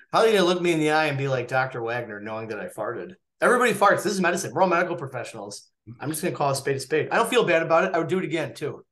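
A man, a physician, telling a candid story in an animated way during a casual Q&A over a video call. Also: on the high side, racing. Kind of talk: casual anecdote in a Q&A.

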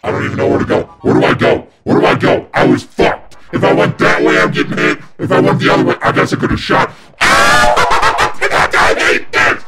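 A man yelling and cursing in frustration while playing video games, his voice run through a demonic filter. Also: fast talker, few pauses, over loud music. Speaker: gamer. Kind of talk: rage-filled gameplay commentary.

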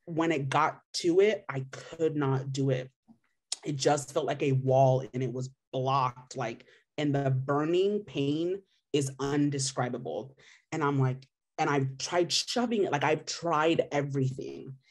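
A woman's voice: low voice, slow. Candid young woman from Missouri. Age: 20s. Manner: emotional, candid, animated retellings with filler "like". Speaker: patient sharing her story. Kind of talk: personal testimonial.

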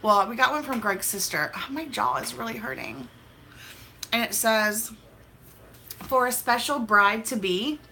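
A woman's voice: on the high side, animated, a little slow, creaky, pauses often, pushed and bright, a little hiss or hum. A young woman vlogging as she opens mail, talking in a hyper, chatty, gushing way. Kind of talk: casual mail-opening vlog.

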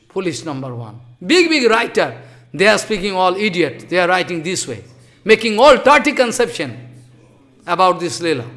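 A man giving an impassioned devotional sermon in English, scolding loudly one moment and dropping to hushed asides the next. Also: high voice, sing-song, moderate pace. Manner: impassioned, scolding, swings between loud outbursts and hushed asides; non-native English with broken grammar. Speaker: spiritual teacher.

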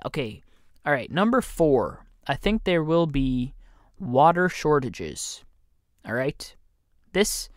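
Slow-talking man rambling on a podcast. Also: medium pitch, a bit bright, no room sound, clean studio sound. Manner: joking, self-interrupting, slips into mock voices. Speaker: podcast host. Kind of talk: rambling comedic monologue.

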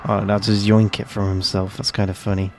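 A man's voice: on the low side, completely flat delivery, a little fast, a little hiss or hum. A man casually commenting on his gameplay, joking and swearing at a desk microphone. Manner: joking, swearing, reacting freely. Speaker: streamer.

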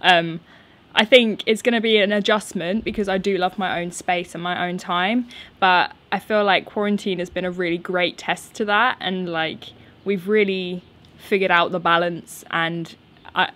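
This twenty-something YouTuber chats casually and unscripted in her garden, fielding viewer questions nervously and laughing a lot. She has a lowish, fairly bright voice, a steady tone, and a moderate pace.

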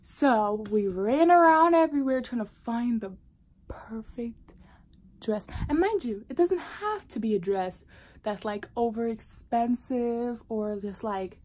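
Animated woman vlogger telling a story. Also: fairly high pitch, measured pace. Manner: animated, with dramatic whispered asides. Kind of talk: casual storytelling to camera.

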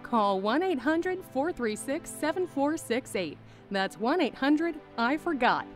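A woman's voice: sits high, big pitch swings, a little slow, soft background music. A woman voicing an upbeat announcer in a spoof commercial, selling a service. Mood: salesy. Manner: salesy, upbeat. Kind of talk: mock commercial voice-over.

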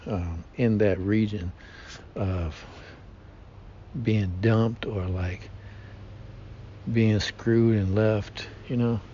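A man holds forth in a slow, rambling monologue, stumbling over fillers and slang. His voice sits low and mellow. The recording is dull and lo-fi, with a faint rumble underneath. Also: fairly even intonation. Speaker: podcast host. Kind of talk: casual monologue.

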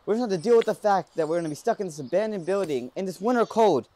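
A man's voice: high-pitched, lively intonation, racing, dark tone. A young man playing a talkative, kindhearted young guy. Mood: exasperated. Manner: exasperated then apologetic, talkative. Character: young man befriending a creature, frustrated but kind. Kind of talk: amateur short film acting.

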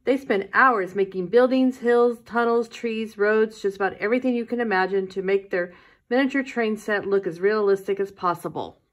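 A woman teaching a Sunday school lesson, telling a Bible story to children in a gentle storytelling way. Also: mid-range voice, normal speed.

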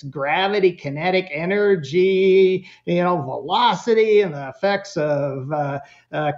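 A man speaking as a parenting expert guest in a casual interview, telling animated, humorous stories. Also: high-pitched, muffled recording.

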